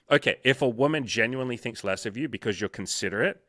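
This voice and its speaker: A young man coaching on dating speaks bluntly and swears freely, acting out little quoted exchanges as he goes. His voice is bright and forceful. The sound is dry and close. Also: on the low side, fast talker, few pauses, dry recording. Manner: blunt, profane, animated storytelling with acted quotes. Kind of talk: casual interview chat.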